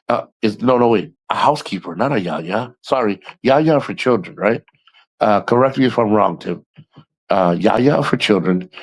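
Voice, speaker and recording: A man's voice: mid-range voice, breathy edge. A man from the United States chatting casually on a livestream, rambling and crude, laughing often. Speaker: streamer.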